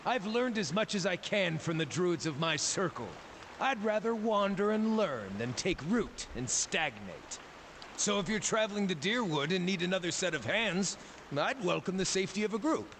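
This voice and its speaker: A man's voice: sits high, very animated, normal speed, a bit bright, a little hiss or hum, exaggerated voice. An actor voicing an impish, cheerful small male druid wanderer in a game, playful and well-spoken. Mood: cheeky. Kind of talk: voiced game dialogue.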